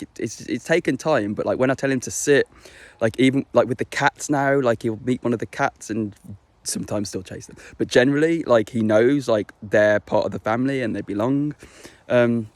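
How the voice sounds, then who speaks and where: A man's voice: lowish voice, a little mellow, no echo. Rambling, sweary young man. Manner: rambling, sweary, full of fillers and restarts. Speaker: vlogger. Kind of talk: casual chat to camera.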